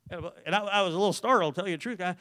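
A man giving an earnest testimony to a church, telling the story in a way that grows animated. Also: high voice, dry recording. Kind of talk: testimony sermon.

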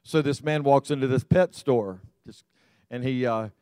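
A man's voice: mid-range voice, moderate pace, dark tone, clean tone, no room sound. A pastor preaching a sermon, telling folksy stories and often repeating words as he restarts. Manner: repetitive restarts, folksy storytelling.

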